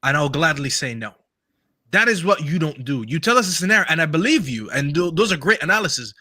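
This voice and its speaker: Bright-voiced man pushing back in debate. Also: fairly high pitch, very animated. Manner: argumentative, deliberate. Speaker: podcast panelist. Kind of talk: casual football debate.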